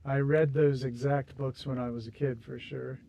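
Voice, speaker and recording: A man's voice: medium pitch, flat delivery, moderate pace, creaky, warm tone. A man hosting a game livestream, chatting casually and rambling with viewers while he builds, laughing easily. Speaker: livestream host.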